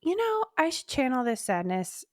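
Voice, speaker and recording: A woman's voice: high-pitched, sing-song, moderate pace, dry recording, clean studio sound. A woman co-hosting a podcast in casual chat, affectionate, teasing and candid. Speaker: podcast co-host.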